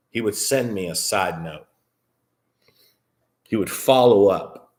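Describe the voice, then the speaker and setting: A man's voice: lowish voice, slow pace, pauses often, darkish tone. A man telling a rambling story to his live chat, swearing freely and filling gaps with ums. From United States. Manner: rambling, profane, with frequent fillers. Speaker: vlogger.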